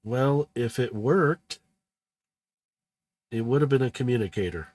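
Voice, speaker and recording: A man voicing a small, practical female robot tinkerer in a tabletop role-play game, brisk and matter-of-fact. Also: mid-range voice, a little mellow, natural voice.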